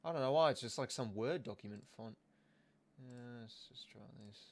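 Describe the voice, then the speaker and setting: An Australian man in his younger years hosts a live football watch-along stream. His talk is relaxed and chatty, full of small restarts as he thanks viewers. His voice sits at an ordinary middle pitch. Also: normal speed. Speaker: livestream host.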